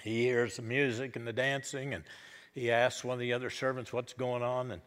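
A man's voice: mid-range voice, flat delivery, normal speed, fairly bright tone, big-room sound. A middle-aged man preaching a sermon as a pastor, in a folksy storytelling manner that acts out the characters. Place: church.

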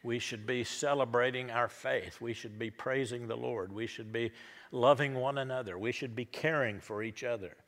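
Folksy middle-aged preacher in a reverberant church. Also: male voice, medium pitch, fairly even intonation, normal speed, a bit bright. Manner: folksy storytelling, acting out the characters. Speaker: pastor. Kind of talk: sermon.

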